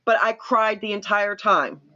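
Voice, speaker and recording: A woman hosting a casual live-stream chat, telling animated stories and acting out the voices of the people in them. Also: medium pitch, unhurried, muffled recording. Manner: animated storyteller, acts out quoted voices. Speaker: host.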